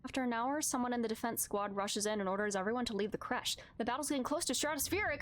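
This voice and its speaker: A woman with a high voice streams a story game, reading its text aloud in an even, narrating tone. She often breaks off to react, crying out in open distress at what happens on screen. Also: very fast, few pauses, noisy background. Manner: expressive, shifts from calm reading to loud distressed outbursts.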